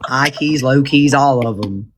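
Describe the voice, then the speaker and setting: A woman's voice: very deep voice, measured pace. A woman in a casual group chat, rambling and joking with plenty of swearing. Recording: faint background noise.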